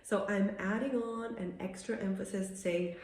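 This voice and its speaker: A woman teaching in a video lesson. She explains patiently in a chatty way and reads the example sentences slowly and clearly. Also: medium pitch, fairly even intonation, darkish tone, echoey room. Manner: chatty, laughs at her own examples. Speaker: Italian language teacher.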